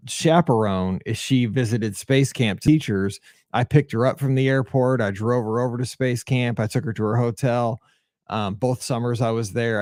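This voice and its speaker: A man's voice: mid-range voice, a little mellow, dry recording, studio quality. A man in his forties hosting a solo podcast, chatty and sentimental, rambling through feedback and memories. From Midwest of the US. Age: 40s. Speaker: podcast host.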